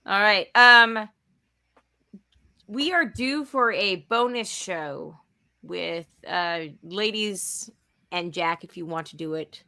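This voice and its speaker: Bright-voiced woman hosting a podcast. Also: mid-range voice, slow pace, smooth. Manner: runs the show, reads listener comments and thanks patrons. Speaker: podcast host. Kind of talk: casual podcast chat.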